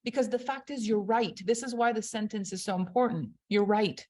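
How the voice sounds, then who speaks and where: A woman gives an emphatic, conversational motivational talk coaching on leadership, swinging between loud and quiet. Her voice is fairly high in pitch and fairly quick.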